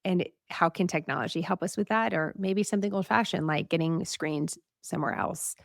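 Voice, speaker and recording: A woman hosting a news show, talking casually to a live audience in a chatty, animated way, laughing and asking viewers what they think. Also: on the low side, a little fast, vocal fry, no room sound, studio quality.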